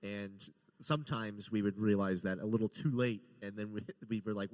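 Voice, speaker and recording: A man's voice: medium pitch, expressive, normal speed, darkish tone, in a large hall. A man, an easygoing producer guest, chatting and laughing. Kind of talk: casual chat.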